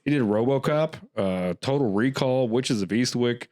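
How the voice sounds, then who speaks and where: A man's voice: medium pitch, normal speed, a little mellow, no echo, studio quality. A man hosting a horror film podcast, chatting casually and loosely with lots of fillers and laughs. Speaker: podcast host. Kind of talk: casual chat.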